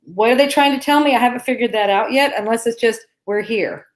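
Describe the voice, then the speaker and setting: Speaking quickly in a voice on the high side, this co-host from Arkansas talks warmly and reassuringly during a live spiritual Q&A at home. She chats freely and laughs a lot.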